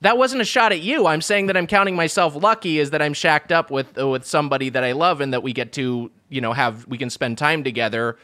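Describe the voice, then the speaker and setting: A man's voice: fairly high pitch, fairly quick, hardly any pauses, bright, forceful tone. A man hosting a podcast, chatting casually and patiently explaining himself between easy laughs. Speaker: podcast host. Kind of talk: casual chat.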